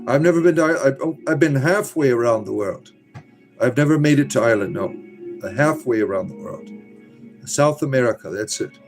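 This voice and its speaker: A man's voice: medium pitch, lively intonation, normal speed, soft background music. Blunt, sarcastic man reading chat. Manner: blunt and sarcastic, curses freely. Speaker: livestream host reading chat. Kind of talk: casual livestream chat.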